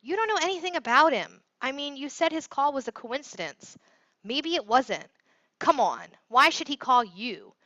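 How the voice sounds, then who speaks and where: A woman's voice: high voice, expressive, normal speed, sharp tone, no echo, voice pushed up. A woman reading the part of a blunt, teasing teenage boy in an audiobook. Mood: skeptical. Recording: dull dry recording.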